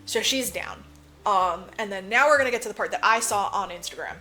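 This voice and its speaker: A woman's voice: mid-range voice, lively intonation, brisk, sharp tone. A woman co-hosting a podcast, casually recapping a movie plot, swearing freely and acting out the characters' lines. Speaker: podcast co-host.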